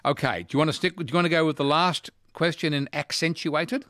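A man's voice: fairly high pitch, a little fast, a bit bright, no echo, studio quality. A man hosting a casual quiz chat, playful and teasing as he reads out questions and options. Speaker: quiz host.

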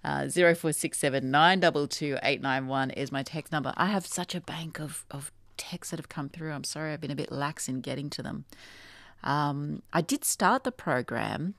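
Chatty South Australian woman hosting talk radio, gravelly, reads listener texts. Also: low-pitched, normal speed, a bit bright, dry recording. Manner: chatty, reads messages aloud with hesitations. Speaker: radio host. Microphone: studio microphone.

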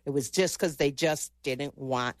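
A woman's voice: low voice, measured pace, dry recording. A middle-aged American woman tells her story in an interview, earnest and insistent, doubling back on words when she gets moved. The sound is dry and close, with no room around her voice. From United States. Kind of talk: emotional personal recollection.

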